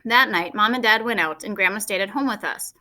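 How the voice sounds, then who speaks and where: Bright-voiced woman narrating a storybook. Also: mid-range voice, fairly quick. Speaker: audiobook narrator. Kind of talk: first-person storybook narration.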